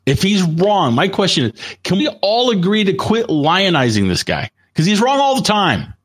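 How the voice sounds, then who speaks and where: Skeptical, husky man with a lively voice. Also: high voice, normal speed. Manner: skeptical, emphatic. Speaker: podcast co-host. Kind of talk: casual tech podcast chat.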